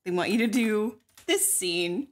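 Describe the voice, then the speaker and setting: A woman's voice: mid-range voice, lively intonation, unhurried. A woman hosting a stream who chats casually and reads out donations in a bubbly, giggly way. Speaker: stream host. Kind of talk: casual chat, reading donations.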